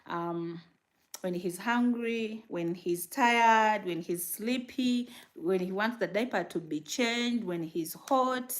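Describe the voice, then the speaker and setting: A new mother vlogging casually to her viewers, telling stories in an animated way and acting out what she said back then, with fillers and frequent laughs. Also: medium pitch, takes it slowly. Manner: animated storytelling, acting out her own past words. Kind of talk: casual chat answering viewer comments.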